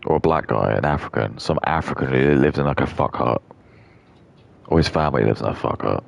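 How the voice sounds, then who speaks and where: A man's voice: extremely low pitch, brisk, vocal fry, muffled recording. A man streaming a game, talking in casual, rambling, crude chat full of fillers. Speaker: gaming streamer. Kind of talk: casual live-stream chat while gaming.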